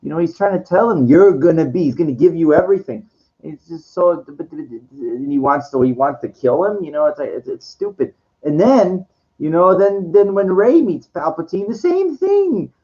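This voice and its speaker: A man talking in a rambling, casual monologue, full of restarts and fillers, sometimes dropping into a low slow voice to quote lines. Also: big pitch swings, warm tone, muffled recording.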